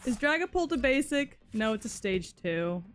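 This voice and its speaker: A woman's voice: on the high side, very animated, normal speed, soft background music. A young woman streaming live, chatting casually while she plays. She sounds exasperated, swearing and blurting out frustrated outbursts.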